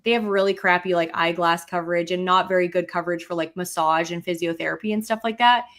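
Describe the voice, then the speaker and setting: A woman co-hosting a relaxed podcast conversation. She tells stories in an animated way, jumping up in pitch whenever she quotes herself. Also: quick pace. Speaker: podcast co-host. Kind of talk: casual chat.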